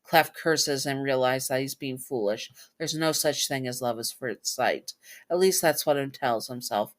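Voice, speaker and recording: A woman's voice: extremely low pitch, measured pace. A woman casually reading fan fiction aloud, stumbling over words and apologizing as she corrects herself. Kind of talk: casual story read-aloud.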